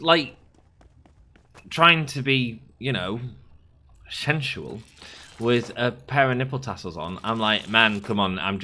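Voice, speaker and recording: A man's voice: medium pitch, pushed and bright. A man in his thirties, a gaming channel host, rambling through chatty anecdotes while playing, slightly sick. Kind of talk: casual let's play commentary.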